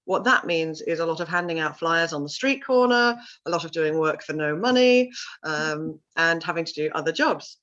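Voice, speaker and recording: Middle-aged woman, vocal coach, lively interview storyteller, low-ish voice, muffled lo-fi audio. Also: moderate pace. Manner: animated storyteller, acts out voices in quotes. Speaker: vocal confidence coach and sound healer.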